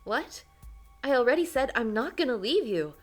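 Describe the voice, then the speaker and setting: A woman's voice: mid-range voice, lively intonation, slow, faint music behind. A woman voicing a loyal young female friend who protests insistently. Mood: protesting.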